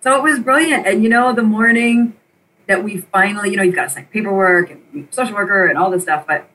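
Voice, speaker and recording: A middle-aged woman, an interview guest, telling a personal story in an animated, emotional way and repeating phrases for emphasis. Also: medium pitch, fast talker, slight background noise. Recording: voice a bit distant from the mic.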